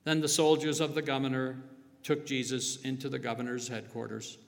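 A man giving a solemn, measured scripture reading, dropping quieter at the close of lines. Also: medium pitch, little pitch movement, vocal fry, long reverb tail. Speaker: scripture reader.

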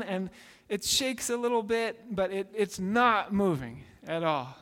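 A man preaches a sermon in a fairly high voice, earnest and prone to repeating himself and restarting his sentences. He carries his point through a story, building it up patiently. The sound has the long reverb of a large hall. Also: normal speed, hardly any pauses, a bit bright. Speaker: pastor.

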